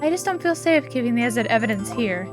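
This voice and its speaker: A woman voicing a composed young woman lawyer who gently teases her younger sister, read aloud from a game. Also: fairly high pitch, lively intonation, quick pace, music in the background, natural voice. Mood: calm teasing.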